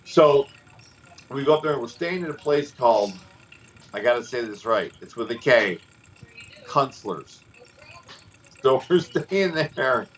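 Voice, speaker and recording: Animated man telling wrestling stories. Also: mid-range voice, a little slow, pauses often, recorded from a distance, slight background noise, rough recording. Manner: animated, does voices for people in his stories. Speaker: former pro wrestler, podcast co-host. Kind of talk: casual storytelling.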